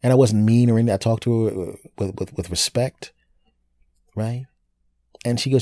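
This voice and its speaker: A man hosting a podcast, telling a personal dating story in a casual, animated and crude way, joking and scatting silly sounds. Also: mid-range voice, moderate pace, dry recording, studio quality. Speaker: podcast host.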